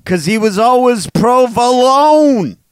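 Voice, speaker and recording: A man co-hosts a word podcast in relaxed chat. He speaks slowly in a fairly high voice, trading goofy puns and laughing at them. The recording is close and dry. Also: clean tone, dry recording. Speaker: podcast co-host. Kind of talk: casual chat.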